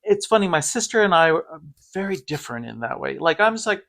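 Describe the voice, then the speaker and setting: A man's voice: a little high, very animated, fast talker, gravelly, a bit bright. A middle-aged man from the United States, talking candidly in casual conversation as a guest, rambling with fillers and laughs. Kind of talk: casual conversation about grief.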